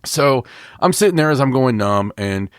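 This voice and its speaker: A man co-hosting a podcast in casual chat, an animated storyteller who acts out voices and laughs often. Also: medium pitch, normal speed, clean tone, no room sound, studio quality. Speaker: podcast co-host.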